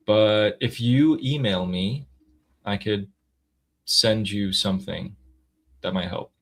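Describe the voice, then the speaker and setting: A man from the United States chats on a livestream with a relaxed, wry manner. His voice sits fairly low, and he talks things over at an easy, unhurried pace. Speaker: livestream co-host. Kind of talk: casual livestream chat.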